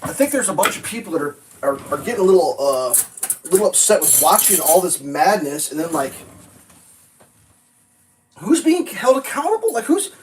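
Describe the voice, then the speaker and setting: A host rambles through a casual breakfast rant, sarcastic and quick to swear and laugh. The voice sits a bit away from the microphone. A faint noise runs underneath. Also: medium pitch. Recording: distant mic with faint noise.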